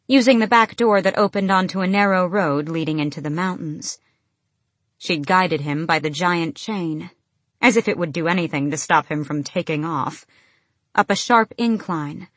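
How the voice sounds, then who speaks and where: Low-voiced woman narrating a fantasy audiobook. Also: a bit bright, no room sound.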